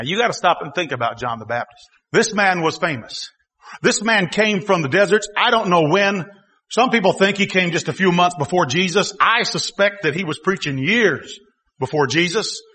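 A man preaching a sermon, telling the story in a folksy way and swinging from quiet asides to loud exclamations. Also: a little high. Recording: long hall reverb.

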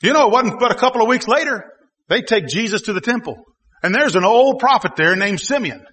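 A man preaching a sermon, telling the story in a folksy way and swinging from quiet asides to loud exclamations. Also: high-pitched, expressive, brisk. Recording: long hall reverb.

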